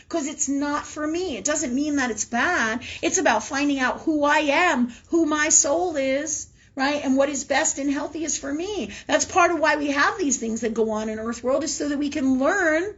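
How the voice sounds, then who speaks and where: A woman's voice: high voice, moderate pace. A woman hosting a spiritual live talk show, chatting candidly, swearing freely, laughing often and ending lines with "right?". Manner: laughs often, acts out her own past words. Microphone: livestream mic. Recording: dull lo-fi livestream audio.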